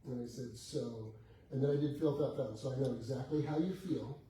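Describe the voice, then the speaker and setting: A man's voice: medium pitch, a little fast, mellow. Man telling a sales story in an echoey room. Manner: acts out both sides of a sales conversation, laughing often. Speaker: real estate coach. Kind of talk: animated storytelling to a class. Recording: echoey room with faint background noise, heard from a distance.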